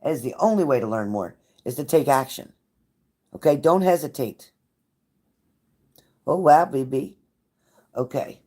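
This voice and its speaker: A woman's voice: a bass voice, animated, a little slow, long pauses, dark tone. A woman giving a live tarot reading to viewers, blunt and profane, with a pep-talk delivery that repeats phrases for emphasis. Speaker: tarot reader.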